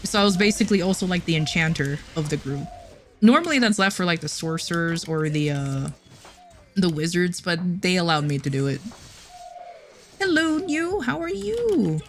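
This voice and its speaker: A woman's voice: on the low side, brisk. A woman livestreamer chatting casually with her chat, giggling often and restarting her sentences.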